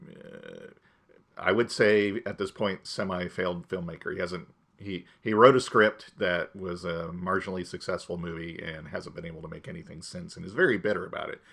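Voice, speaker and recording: A man's voice: deep voice, moderate pace, creaky, fairly bright tone. A man co-hosting a podcast, chatting casually and ranting in an exasperated way, often acting out mock quotes. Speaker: podcast co-host. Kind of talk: casual chat.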